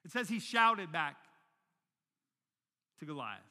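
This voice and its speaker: Bright-voiced man preaching a sermon. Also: a little high, slow pace, long reverb tail. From Northern Virginia, United States. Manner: animated storytelling, repeating words as he restarts. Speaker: pastor.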